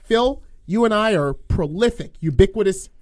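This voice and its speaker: A man's voice: high voice, expressive, normal speed. A man hosting a podcast, leading segments with upbeat presenter patter. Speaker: podcast host. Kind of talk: casual podcast chat.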